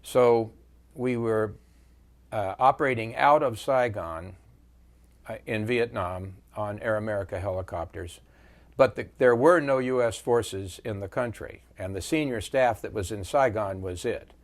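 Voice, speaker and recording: This man, a veteran in his seventies, shares memories of the war during an interview, pausing often as he tells them at a measured pace. His pitch runs fairly low.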